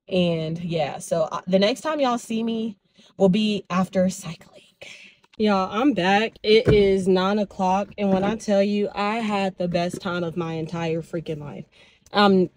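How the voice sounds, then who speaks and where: A woman's voice: mid-range voice, a little mellow, slight background noise. A young woman talks straight to her phone camera in a loose, chatty vlog style. She tells stories animatedly, slipping into quoted lines from her own conversations, recorded in her car and around her home. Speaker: vlogger. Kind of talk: casual vlog chat to camera.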